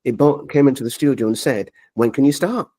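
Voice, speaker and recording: A man's voice: mid-range voice, fairly quick. A man, a media coach telling his story in an interview and acting out the dialogue. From Leeds, England. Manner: animated storyteller, acts out quoted dialogue.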